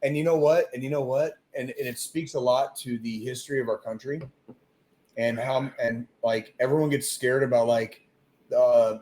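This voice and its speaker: A man's voice: mid-range voice, fairly even intonation, moderate pace, a little mellow. A man co-hosting a casual podcast who rants emphatically, swearing constantly and repeating himself. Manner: profane, emphatic ranting with repeated phrases. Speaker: podcast co-host.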